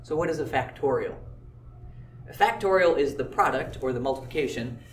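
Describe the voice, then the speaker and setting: A man's voice: mid-range voice, expressive, fairly quick, roomy sound, recorded from a distance, a little hiss or hum. A man teaching a math lesson, explaining step by step in an easygoing way with occasional filler words. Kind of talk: classroom lecture video.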